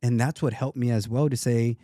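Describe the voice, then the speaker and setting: A man in his thirties talks in an earnest, reflective way as a podcast guest. He often stops and restarts his sentences. His voice is mellow and dark, recorded close and dry. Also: medium pitch, steady tone, brisk, no echo. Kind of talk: casual interview talk.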